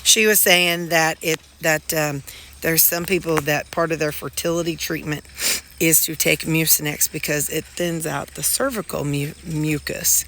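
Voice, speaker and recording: A woman's voice: deep voice, fairly even intonation, unhurried, fairly bright tone. Chatty lady, stuffy nose, rambles along, echoey room w/ faint noise. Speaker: weight-loss vlogger. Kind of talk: casual chat.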